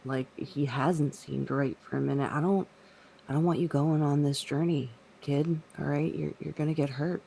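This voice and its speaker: A woman's voice: sits low, steady tone, normal speed, gravelly, slightly rough, heavily acted. A woman voicing a worried, pleading father. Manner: pleading, hushed, rambling. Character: worried protective middle-aged father.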